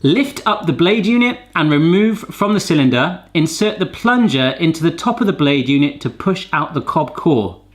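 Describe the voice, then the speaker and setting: A man's voice: a little high, lively intonation, normal speed, hardly any pauses. A man hosting a casual gadget-testing vlog in a home kitchen, chatty and fond of puns. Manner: jokey, pun-loving, chatty. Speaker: cooking channel host.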